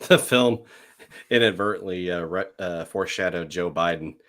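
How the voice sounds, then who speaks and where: A man's voice: sits low, moderate pace, a bit bright. A man chatting casually on a podcast, joking and laughing through his stories. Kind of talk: casual chat.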